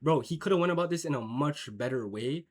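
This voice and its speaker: This young Jamaican man talks fast in a fairly high, expressive voice while streaming a reaction to a clip. He rambles casually, swears, and fills his slang-heavy commentary with lots of filler.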